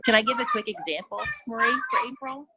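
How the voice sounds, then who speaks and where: A woman's voice: on the high side, lively intonation, fast talker, heavy background noise. A woman on a team call telling a story in a chatty, eager way, full of "like"s. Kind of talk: casual group call.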